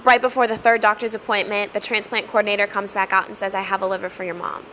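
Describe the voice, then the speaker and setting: A woman sharing a personal testimony in an earnest, reflective way, with frequent pauses and fillers. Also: medium pitch, flat delivery, sharp tone, a little hiss or hum, low-quality recording. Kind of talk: heartfelt personal storytelling.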